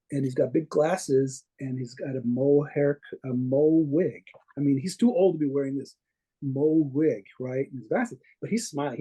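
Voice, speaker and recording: A man's voice: mid-range voice, mellow, slightly rough. A man being interviewed as a guest artist, telling long, rambling anecdotes full of restarts and little chuckles. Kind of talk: casual interview storytelling.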